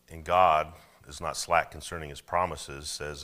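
A man's voice: very deep voice, fairly even intonation, measured pace, hardly any pauses, sharp tone. A man preaching a sermon as pastor, conversational, often checking in with "okay?". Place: church.

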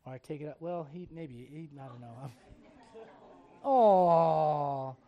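A man preaching a sermon as pastor, speaking emphatically with loud bursts and direct questions to the congregation. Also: mid-range voice, fairly quick, dull audio.

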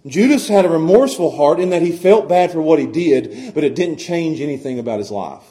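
Middle-aged man as preacher; slightly high voice, swings between soft intimacy and fervent emphasis. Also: lively intonation, fast, few pauses. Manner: swings from hushed to loud and impassioned, with repeated stammered restarts. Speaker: pastor. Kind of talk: sermon.

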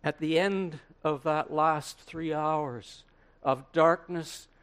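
Brief: a man as an aged apostle, earnest and unhurried, higher voice, dramatic pauses in a sermon monologue. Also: steady tone, a bit bright, clean tone. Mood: solemn. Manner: slow, earnest, with dramatic pauses and swelling emphasis. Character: aged male apostle recalling the crucifixion, earnest. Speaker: preacher in character. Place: room with listeners.

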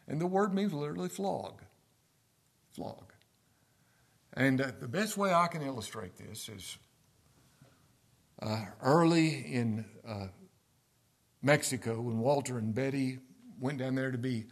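Man, pastor, sermon, gravelly voice, drops to near-whispers then rises with emphasis. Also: mid-range voice. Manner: emphatic preaching, swinging from soft near-whispers to loud stresses. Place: church sanctuary.

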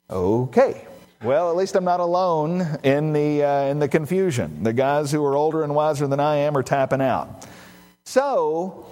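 A man's voice: mid-range voice, a little mellow. A middle-aged man, a pastor, preaching a sermon and telling a counseling story with quoted dialogue at a varying pace.

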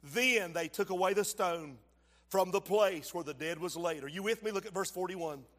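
A man preaching a fervent sermon, swinging from shouts to low asides and calling out to the congregation. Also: normal speed. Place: church sanctuary. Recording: long hall reverb.

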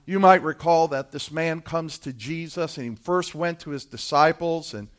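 High-voiced male preacher. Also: normal speed. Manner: impassioned preaching, swelling from hushed to loud; addresses the congregation directly, who answer back. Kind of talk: sermon.

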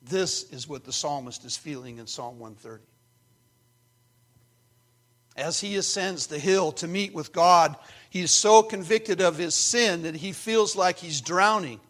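A male pastor preaches an earnest sermon with a slightly high voice. He drops to quiet, confiding asides and then builds back up to emphatic points. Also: normal speed, few pauses. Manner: earnest, swings from hushed to emphatic.

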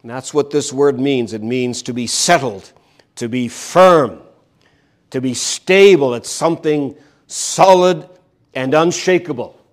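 An older man preaching a sermon in an earnest, emphatic way, slowing down to repeat key words. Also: mid-range voice.

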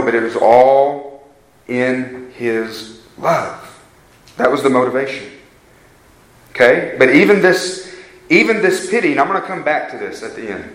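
A man's voice: a little high, fairly bright tone, echoey room, low-quality recording. A man preaching a sermon, repeating key phrases for emphasis and putting questions to his congregation.

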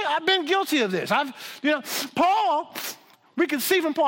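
A man preaching a sermon in an animated, humorous way, with frequent restarts and asides. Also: very high-pitched, moderate pace, in a large hall.

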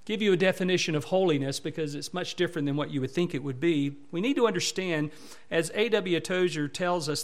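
High-voiced man preaching a sermon. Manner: emphatic preaching, swelling loud on repeated words. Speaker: pastor.

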